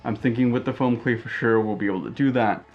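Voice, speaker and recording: Man, relaxed, planning out a craft build, mid pitch, soft music behind. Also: fast talker, muffled recording. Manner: relaxed, laying out steps of the build. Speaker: co-host of a DIY prop-making channel. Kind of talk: casual chat while crafting. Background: background music.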